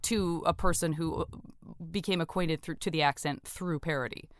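A woman's voice: deep voice, steady tone, normal speed, no room sound, studio quality. A woman hosting a podcast, talking in a rambling, casual way and laughing often. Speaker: podcast host. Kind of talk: casual chat.

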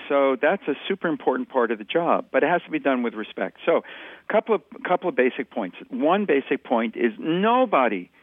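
A man's voice: medium pitch, big pitch swings, fairly quick, dry recording. A man who is a parenting expert, explaining in a conversational interview and acting out short repeated example phrases. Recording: dry, tinny phone-line sound.

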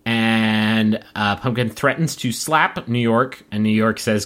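A man's voice: unhurried, few pauses. A man from Appalachia hosting a casual comedic podcast, telling stories with lots of swearing. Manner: animated storytelling, swearing, jumping up in pitch for quotes. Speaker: podcast host.

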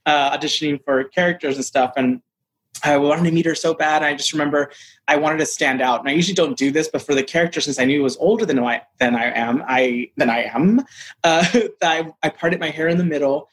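A man being interviewed as an actor, telling a story in a casual, animated way, full of "like" and "you know" and acting out what people said. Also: a little high, brisk. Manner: animated, acts out quoted dialogue; frequent fillers like "like" and "you know". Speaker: actor guest.

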